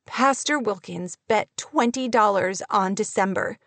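A woman's voice: mid-range voice, a little slow, vocal fry, a bit bright, dry recording. A woman voicing a young schoolteacher near tears, sobbing and raising her voice, in an audiobook reading. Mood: upset, tearful. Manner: tearful, sobbing, raised voice.

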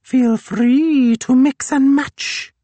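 A man voicing a chirpy green wood sprite in a high falsetto, from a storybook reading. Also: steady tone, extremely slow, mellow, no echo, full character voice. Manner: chirpy and playful.

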